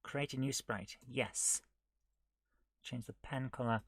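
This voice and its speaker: A man streaming himself coding a retro game live, thinking aloud, muttering half to himself and scolding his software. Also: medium pitch, steady tone, slow pace, dry recording. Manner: muttering to himself while he works, often dropping to a near whisper; chatty and self-mocking, scolding the software.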